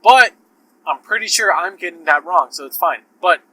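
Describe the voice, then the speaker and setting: Despite a sore throat, this podcast host talks in a high-pitched, animated voice that is bright, forceful and slightly rough, at normal speed. Over poor audio, his casual solo chat rambles, swears and keeps cutting itself off.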